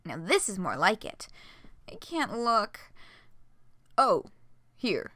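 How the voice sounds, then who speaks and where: A young woman reading a fan story aloud on a live stream, her voice bright and sharp in a dry, close room. She swings her pitch all over the place and breaks off to gush and swear about what she reads. It is fannish, excitable, and very much her own voice. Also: takes it slowly, no echo. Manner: excitable, swears a lot, laughs often, fan gushing between passages.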